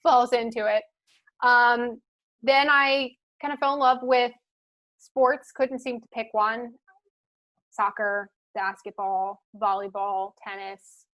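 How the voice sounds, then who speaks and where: Woman w a light philly accent, slightly high voice, rambly casual guest chat. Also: fairly even intonation, slow, fairly bright tone. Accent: light Philadelphia. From Philadelphia suburbs, USA. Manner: chatty, thinking aloud with many fillers. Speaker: guest, marketing leader. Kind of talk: casual podcast conversation.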